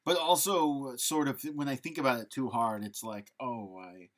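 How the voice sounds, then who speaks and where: A man hosting a podcast, relaxed and self-deprecating in casual chat. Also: medium pitch, moderate pace. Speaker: podcast host.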